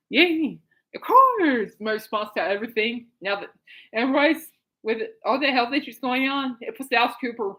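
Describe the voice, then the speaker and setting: A woman's voice: medium pitch, a bit bright. A woman hosting her own podcast in a casual chat, rambling with lots of fillers and laughing often. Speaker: podcast host.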